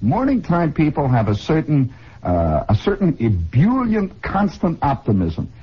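A man in his forties from the United States, hosting a rambling comic radio monologue as an excitable, digressive storyteller, heard on a dull 1960s broadcast. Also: a little high, a little slow, breathy edge. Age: 40s. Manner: excitable, digressive storyteller who repeats and restarts. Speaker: radio host.

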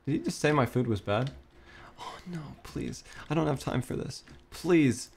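A man's voice: medium pitch, lively intonation, brisk, a little mellow, husky. A young man streaming a cooking game, talking to himself in a frantic, swearing rush and breaking into panicky outbursts. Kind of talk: gameplay commentary.

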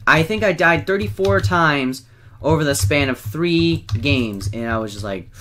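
A man with a slightly high, bright and pushed voice gives casual gameplay commentary at a somewhat slow pace, his intonation lively. He swears, laughs and trash-talks opponents. The noisy recording carries game gunfire and keyboard clicks behind him.

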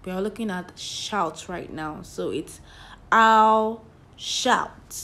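A woman teaching a phonics lesson to young children, slowly stretching out each sound and repeating it several times. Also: on the low side, fairly bright tone. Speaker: primary school teacher.

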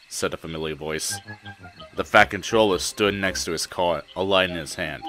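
A man narrating a fan-made story in a calm, even telling. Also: low voice, moderate pace. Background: music.

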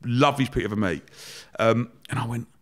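An entrepreneur appears as a podcast guest, a man speaking at an everyday pitch as he tells his story in relaxed chat. His delivery is quick and animated, with frequent laughter and casual swearing.

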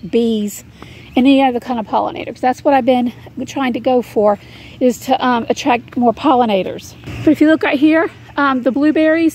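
A woman's voice: high voice, a little mellow. A middle-aged woman with a Southern US accent, chatting casually and folksily to camera as a homemaker vlogger.

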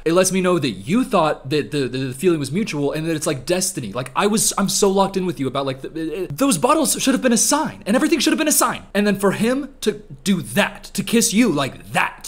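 A man hosting a comedic reaction video, rambling with jokey asides over faint background music. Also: medium pitch.

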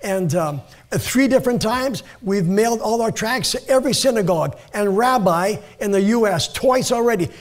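An older man, a pastor, preaching a sermon in a church and reading scripture slowly and earnestly. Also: high-pitched, animated. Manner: earnest, repeats words, reads scripture slowly. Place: church sanctuary.

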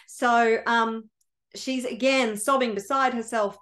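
A woman coach retells a fairy tale in a loose, animated way, often breaking off and correcting herself. Her voice sits fairly high. The delivery is casual, not scripted. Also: measured pace. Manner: animated, chatty, self-correcting. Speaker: mindset coach. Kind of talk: casual storytelling.

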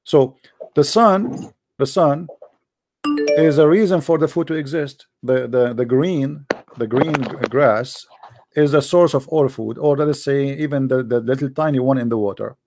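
A man hosting a live debate, explaining his points patiently in casual, animated talk and checking often that the listener follows; English is not his first language. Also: mid-range voice, normal speed, over music. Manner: animated, lively storyteller. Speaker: debate host.

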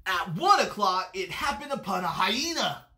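Lively, bright read-aloud for kids. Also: mid-range voice, moderate pace. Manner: animated storytelling with lively swings. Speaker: children's story reader. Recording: roomy echo.

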